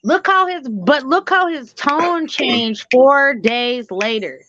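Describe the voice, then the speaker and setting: A woman's voice: high-pitched, lively intonation, takes it slowly, a bit bright, highs cut off. A blunt woman co-hosting a casual political chat, swearing and talking over her partner. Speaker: co-host.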